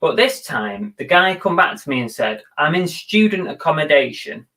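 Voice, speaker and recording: A man's voice: a little high, very animated, moderate pace, pushed and bright. A man co-hosting a live reselling show, chatting casually and poking fun at himself, swearing now and then. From England. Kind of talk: casual chat on a live stream.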